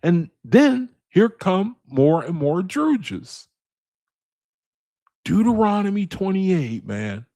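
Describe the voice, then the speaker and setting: Slow and mellow, this man's high-pitched voice swings widely in pitch as he runs a relaxed Bible study for viewers he addresses as brethren and man. He keeps repeating himself, driving one point home again and again, and the audio is close and dry, without any echo.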